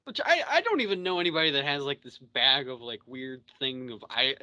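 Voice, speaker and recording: A man's voice: medium pitch, lively intonation, a little fast, pushed and bright, dry recording. A young man hosting a podcast, chatting casually, recapping a show and acting out the characters' lines with swearing. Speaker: podcast host.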